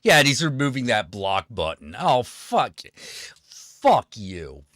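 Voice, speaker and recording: A man's voice: medium pitch, sing-song, takes it slowly, a bit bright, dry recording, studio quality. A man hosting his own stream, ranting in a sarcastic, profane way about politics. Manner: swearing, sarcastic, fired-up. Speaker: streamer host.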